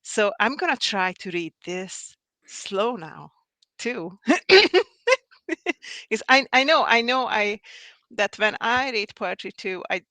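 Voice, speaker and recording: A woman hosting a live video conversation, speaking earnestly with halting restarts and reading a poem of her own aloud. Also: mid-range voice, animated, sharp tone, dry recording. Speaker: host of a live video talk. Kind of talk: casual spiritual conversation.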